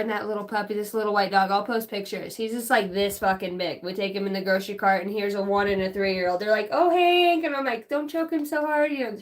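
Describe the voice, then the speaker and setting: A middle-aged woman who works as a channeler and card reader rambles through a casual vlog chat in a medium-pitched, slightly bright voice. She swears freely, laughs a lot, and hops from one story to the next.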